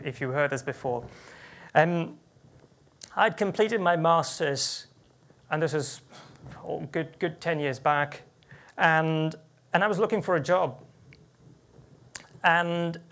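A preacher speaks in church, telling an earnest personal story as part of a sermon. The voice carries a gravelly, creaky edge at a middling pitch. Sentences often stop and restart as the thoughts come. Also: a bit bright.

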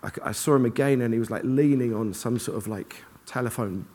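A man giving an informal church sermon, telling personal stories in a lively, self-deprecating way and acting out his own thoughts. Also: medium pitch, fairly quick. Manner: animated, self-deprecating, acts out inner dialogue. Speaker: preacher. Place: church hall with congregation.

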